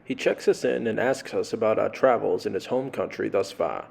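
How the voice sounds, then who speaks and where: A man's voice: on the low side, normal speed, vocal fry, a little mellow, husky. A man reading a scripted travel story in a dry, sardonic way. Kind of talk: scripted narration.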